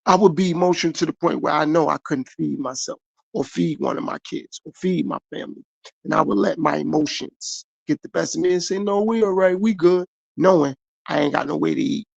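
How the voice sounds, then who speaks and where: A man's voice: fairly high pitch, fairly quick, creaky, slightly rough, no echo, highs cut off. A middle-aged man from the United States, talking earnestly and repetitively about his own life in a motivational podcast monologue. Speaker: podcast host.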